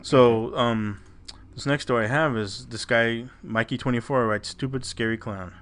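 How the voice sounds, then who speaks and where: A man's voice: medium pitch, fairly even intonation, normal speed, fairly bright tone. A man co-hosting a podcast, casually retelling a listener's scary story with swearing and restarts. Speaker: podcast co-host.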